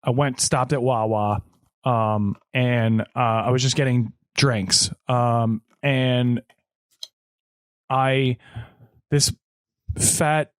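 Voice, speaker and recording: A podcast co-host tells a story in casual conversation, acting out the people he quotes. His medium-pitched voice is steady and smooth, with drawn-out words and frequent pauses, in a dry recording.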